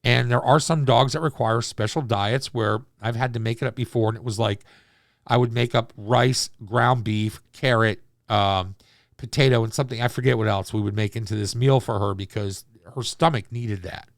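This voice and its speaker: A man's voice: medium pitch, fairly even intonation, moderate pace, no room sound, clean studio sound. A man ranting in a profane opinion monologue. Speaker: commentator.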